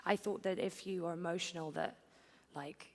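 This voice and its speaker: A woman's voice: fairly low pitch, steady tone, normal speed, darkish tone, in a large hall. A woman recounting a personal experience in an interview, in a chatty, filler-heavy, confessional way. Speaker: interviewee telling her story.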